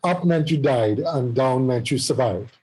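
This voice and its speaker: A man's voice: medium pitch, expressive, unhurried, a little mellow, breathy edge, poor audio. A man hosting a podcast, chatting casually and rambling through stories with restarts and tangents. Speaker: podcast host. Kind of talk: casual chat.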